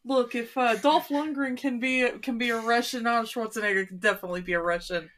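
A woman co-hosting a podcast with wry, quick quips in casual chat. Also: fairly high pitch, steady tone, fairly bright tone. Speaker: podcast co-host. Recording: crowd noise behind the voice.

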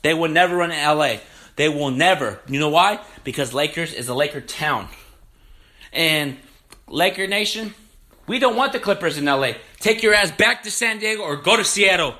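A man's voice: on the high side, lively intonation, moderate pace, bright, forceful tone. Heated young man ranting on a podcast. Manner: heated, profane, repetitive. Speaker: podcast host. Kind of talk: ranting sports podcast monologue.

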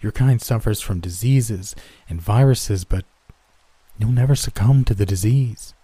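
A calm, ageless soul-taking creature speaks in a storybook horror tale, as a man reads it out. Its delivery is solemn and matter-of-fact, low and mellow rather than menacing. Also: unhurried, breathy edge, no echo. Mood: explaining. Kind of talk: storybook reading.

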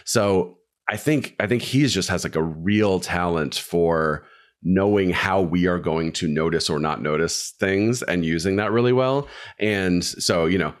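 A man with a very low voice rambles through a casual podcast chat about movies. He circles back on himself and fills gaps with fillers as he thinks aloud. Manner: meandering, self-interrupting analysis with many fillers. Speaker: podcast co-host discussing films.

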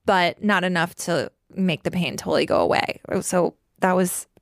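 A woman in her forties from New York with a gravelly, fry-edged voice. She talks bluntly and swears freely, telling her story in quick run-on bursts packed with "like". The sound is close and dry. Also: fairly low pitch, fairly even intonation, no room sound. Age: 40s. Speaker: guest. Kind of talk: candid personal storytelling in conversation.

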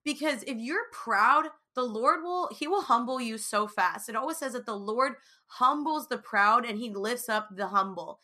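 A woman's voice: on the high side, animated, normal speed, few pauses, pushed and bright. A young woman talking casually and earnestly to viewers about her faith, with many fillers. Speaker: Christian speaker sharing her testimony.

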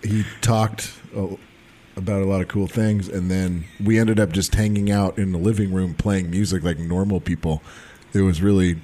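A man, a musician who co-hosts a podcast, telling a story in a casual, animated way and acting out what people said. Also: low voice, normal speed. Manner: animated, acts out the people in his stories.

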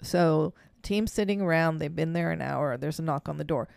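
This podcast co-host is a woman with a low voice and vocal fry, speaking at a moderate pace in clean, echo-free audio. She's an animated storyteller in a casual chat, laughing frequently and performing the quotes she recounts.

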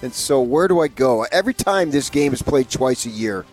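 A man co-hosting a sports radio show who cracks jokes and boasts playfully, his pitch swinging up and down a lot as he talks. A faint music bed plays underneath. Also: lively intonation, moderate pace, a little mellow. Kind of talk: casual sports radio banter.

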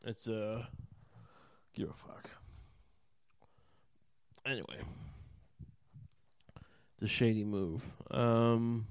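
A man's voice: on the low side, steady tone, drawn-out words, long pauses, smooth, no echo. A man ranting alone as a podcast host, rambling and swearing often, heating up as he goes. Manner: profane, rambling, heated. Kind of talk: rambling solo rant.

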